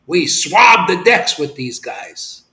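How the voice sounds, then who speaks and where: A man preaching an impassioned sermon as a spiritual teacher, swinging from shouts to hushed near-whispers and dropping casual slang. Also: high voice, big pitch swings, takes it slowly. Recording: roomy echoey room.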